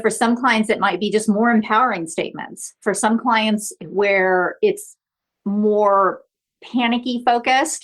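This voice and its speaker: A middle-aged woman therapist, a podcast guest, explaining earnestly and often checking in with "right?". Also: mid-range voice. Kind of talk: podcast interview.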